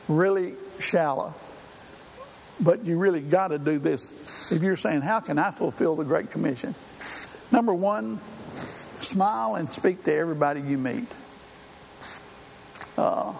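A man's voice: high-pitched, vocal fry, a little mellow. An older man preaching a sermon in a folksy, conversational way, with frequent fillers. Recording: hall reverb, faint room noise.

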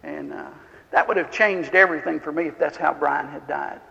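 Gravelly high-voiced man preaching in a hall. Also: fairly even intonation, brisk, bright, forceful tone, dull audio. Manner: storytelling, building to fervent emphatic appeals. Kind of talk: sermon.

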